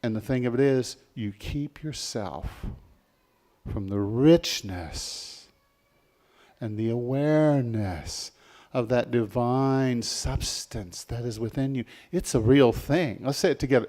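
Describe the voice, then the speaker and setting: A man preaching a sermon as pastor, leading the congregation in call-and-response and swinging between soft and loud passages. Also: mid-range voice, takes it slowly.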